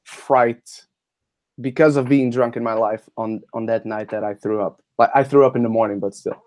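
Relaxed young man, dry close recording. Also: mid-range voice, normal speed, no room sound. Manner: relaxed, casual, swears freely. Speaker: podcast co-host. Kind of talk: casual movie podcast chat.

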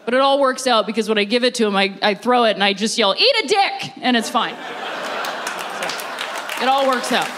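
A woman from Ohio performing a stand-up comedy set, dropping deadpan punchlines between laughing, self-mocking asides. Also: on the high side, a little fast, long pauses, a faint crowd. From Ohio, USA. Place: comedy venue with a live audience.

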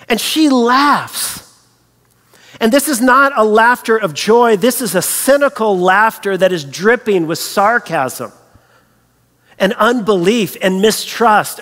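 A man preaching a sermon as a pastor, animated and storytelling, acting out the voices he quotes. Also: high-pitched, measured pace, big-room sound.

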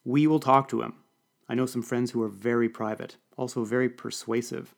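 A man's voice: medium pitch, steady tone, moderate pace, vocal fry, natural voice. A man voicing a blunt, matter-of-fact official. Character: jovial blunt Russian male official.

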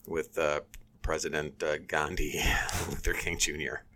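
A very deep-voiced man co-hosts a podcast, delivering dry sarcasm in a flat, unhurried way. He hedges with frequent ums and halting restarts before landing the joke. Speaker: podcast co-host. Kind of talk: casual sarcastic banter.

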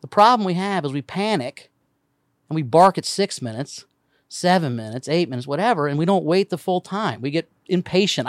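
Fast, lively-voiced male comedian. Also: sits high, no echo, studio quality. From Indiana. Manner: animated, swearing, acts out voices in his stories. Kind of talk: casual podcast storytelling.

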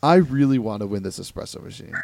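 Animated young man from Ohio with a gravelly voice. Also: on the low side, fast talker, dry recording. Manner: animated storytelling with quoted voices. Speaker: podcast host. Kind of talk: casual chat.

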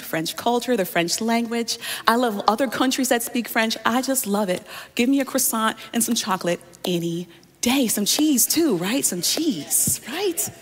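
A woman's voice: a little high, big-room sound. A woman pastor preaching a sermon, telling a personal story and often speaking straight to her listeners.

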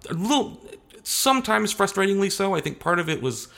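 A man's voice: sits high, very animated, a little fast, gravelly, bright, forceful tone. A young adult man talking casually as an interview guest, rambling and hesitant, often restarting his sentences.

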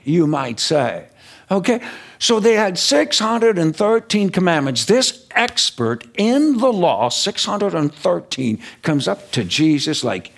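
A man preaching a sermon in an animated, emphatic way, stretching key words out slowly for weight. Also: on the high side, creaky.

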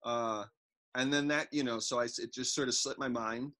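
A man co-hosting a podcast, telling a rambling, self-mocking story at an easy, casual pace. His voice is bright and sits at a middle pitch. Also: fairly even intonation, normal speed. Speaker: podcast co-host. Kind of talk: casual chat.

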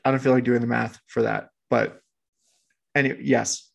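A man's voice: mid-range voice, flat delivery, moderate pace, creaky. A laid-back man co-hosting a podcast in casual, rambling sports chat. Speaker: podcast co-host.

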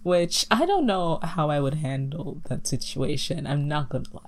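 Low-voiced giggly woman recapping a film. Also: normal speed. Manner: giggly, animated storytelling with many fillers. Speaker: podcast co-host recapping a movie. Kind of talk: casual chat.

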